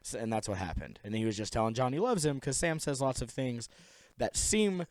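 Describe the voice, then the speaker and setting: Here a young podcast co-host chats casually, telling a story with plenty of laughter and silly voices for the quotes. He speaks fairly quickly at medium pitch, sounding animated, and there's no room sound.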